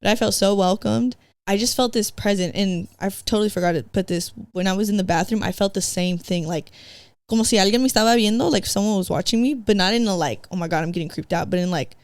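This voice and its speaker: A woman's voice: medium pitch, fast, a little mellow, dry recording. Slangy woman telling her story. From San Diego, California. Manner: slangy, full of "like" and "bro", acts out her past self; mixes in Spanish phrases. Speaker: podcast guest. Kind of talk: casual personal storytelling.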